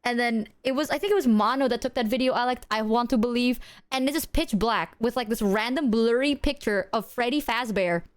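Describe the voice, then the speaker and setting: A young adult woman streamer chatting casually, animated and giggly, swearing freely as she tells stories. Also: on the high side, a little fast, clear, resonant tone. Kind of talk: casual chat.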